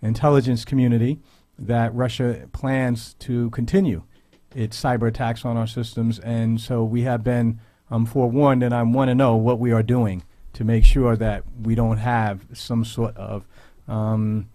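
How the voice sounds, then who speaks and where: A man hosting a radio talk show, speaking in a measured, earnest way with frequent pauses and "um"s. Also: medium pitch, flat delivery, mellow, dry recording. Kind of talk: radio commentary. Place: radio studio.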